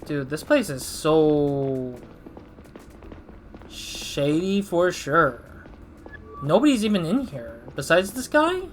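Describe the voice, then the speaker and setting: A man's voice: on the high side, expressive, measured pace, a little hiss or hum. A man casually commentating a story game playthrough, rambling and thinking aloud. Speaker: gaming channel host.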